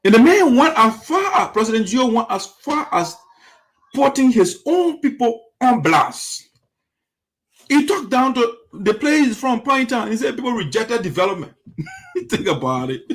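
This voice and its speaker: A man's voice: very high-pitched, sing-song, unhurried. A man hosting a critical political commentary, indignant and full of rhetorical questions that circle back to the same points. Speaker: commentary show host.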